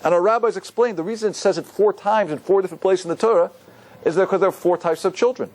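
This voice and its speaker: A rabbi giving a lively Torah class to an audience, often asking them questions. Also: male voice, sits high, quick pace. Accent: Ashkenazi Hebrew pronunciation.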